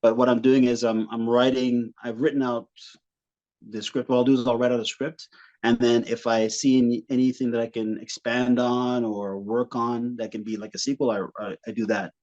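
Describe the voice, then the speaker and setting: A man's voice: medium pitch, moderate pace, lo-fi sound. A male comedian guest in a casual podcast interview, telling stories with animation. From Canada. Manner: animated storyteller, acts out family members in voices.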